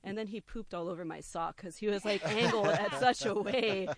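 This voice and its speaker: A young adult telling a personal story to a listener, animated and acting out the quoted voices. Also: mid-range voice, brisk, over a noisy crowd.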